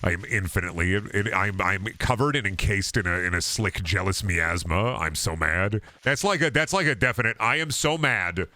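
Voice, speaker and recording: A young man streaming a game, rambling in a self-mocking way and swinging into loud mock outrage. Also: deep voice, animated, normal speed, hardly any pauses, dry recording. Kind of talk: casual gaming stream chatter.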